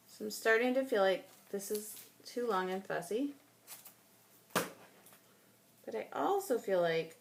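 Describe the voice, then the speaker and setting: A woman in her thirties, chatty and rambling as she thinks aloud while scrapbooking, her voice going a little hoarse. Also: medium pitch, reverberant, a little hiss or hum. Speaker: scrapbooking vlogger. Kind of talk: casual crafting chat.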